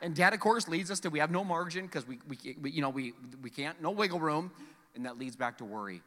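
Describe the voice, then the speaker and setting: A man in his forties preaching a sermon to his congregation, animated and joking, acting out the voices in his stories. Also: a little high, fairly quick. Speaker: pastor. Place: church sanctuary. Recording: long hall reverb from church sanctuary.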